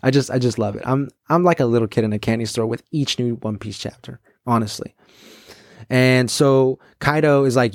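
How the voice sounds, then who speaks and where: A man hosting his own podcast, chatting casually and excitedly, with many fillers and quick quoted asides. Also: mid-range voice, dry recording, studio quality. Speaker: podcast host. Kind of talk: casual solo podcast chat.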